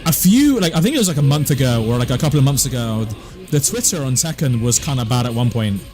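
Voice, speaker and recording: A man's voice: mid-range voice, animated, quick pace, a little mellow, faint music behind. A man from southwest England with a West Country accent, chatting casually on a game stream and answering chat in a laid-back way. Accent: West Country English.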